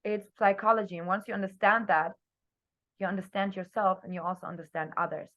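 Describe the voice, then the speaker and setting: A young woman coaching her team on a video call, talking energetically and expressively, her voice swinging between loud and soft. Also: medium pitch, fairly even intonation, a little fast. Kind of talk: motivational talk on a group video call.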